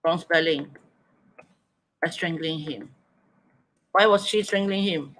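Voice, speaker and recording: A man's voice: fairly high pitch, slow, a bit bright, a little hiss or hum, poor audio. Man coaxing an online writing class. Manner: coaxing, thinking aloud, repeating students' answers. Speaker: teacher.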